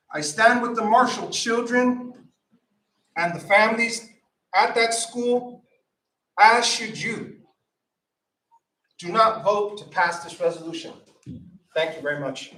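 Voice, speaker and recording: Firm high-voiced man at a public meeting. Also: lively intonation, a little slow, long pauses, pushed and bright. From San Francisco. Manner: firm, formal and insistent. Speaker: public commenter. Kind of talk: prepared public comment. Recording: echoey meeting room from far off.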